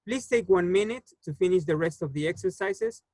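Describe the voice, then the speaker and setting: A man's voice: sits high, animated, a little mellow, dry recording, low-quality recording. Patient male English teacher, dry sound. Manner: patient, explains slowly with many fillers. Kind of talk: online class teaching.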